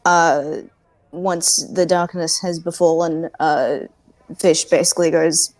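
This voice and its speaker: A woman's voice: low-pitched, fairly even intonation, takes it slowly, darkish tone, no room sound. A woman playing a tabletop game, chatting casually with chuckling asides. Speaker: player.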